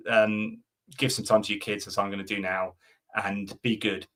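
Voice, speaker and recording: A man's voice: on the low side, level tone, moderate pace, a bit bright. A middle-aged man hosting a live stream, chatting casually and answering viewer comments, with lots of fillers and restarts. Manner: rambling, many fillers and restarts.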